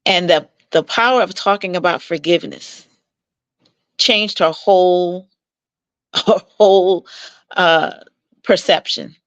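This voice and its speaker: A woman coaching couples, telling stories from her work in an animated, persuasive way and acting out the voices of the people she quotes. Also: takes it slowly, long pauses, dry recording, highs cut off. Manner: animated, acts out quoted dialogue with jumps in pitch; warm, persuasive, mentoring tone. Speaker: marital coach, interview guest. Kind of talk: conversational storytelling.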